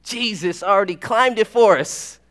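A young man preaching a sermon, excitable, swinging from hushed asides to shouted exclamations. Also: high-pitched, moderate pace.

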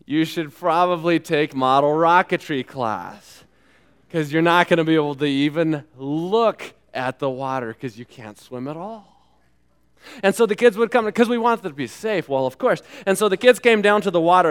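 Smooth-voiced man preaching a story sermon. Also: on the high side. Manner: dramatic, swings from hushed to loud; asks the audience to repeat after him. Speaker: pastor.

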